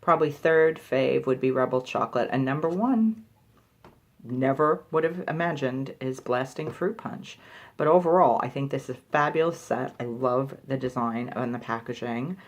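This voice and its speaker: A woman's voice: extremely low pitch, moderate pace. Chatty woman reviewing lip balms. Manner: chatty, many "like" fillers. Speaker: beauty product reviewer. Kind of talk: casual product review vlog.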